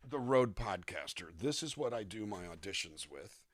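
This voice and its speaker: A man's voice: lowish voice, sing-song, normal speed, no room sound. A man who works as a voice actor and musician, talking in an interview and demonstrating line readings. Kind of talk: conversational interview.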